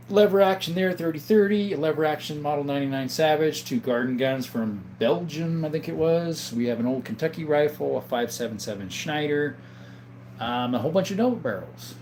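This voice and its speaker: A man's voice: medium pitch, a little mellow, slight background noise. A middle-aged man hosting a casual livestream on his phone. He chats, laughs often and reads viewer comments aloud. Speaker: livestream host.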